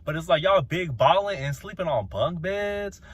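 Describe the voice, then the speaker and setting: A man with a fairly high voice rips through a reality show episode, his pitch swooping wildly from low grumbles up to sharp squeals. He talks in a sassy, slangy, dramatic way, like he is gossiping with friends. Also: animated, normal speed, slightly rough. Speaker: reality show reviewer and channel host. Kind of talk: casual episode recap.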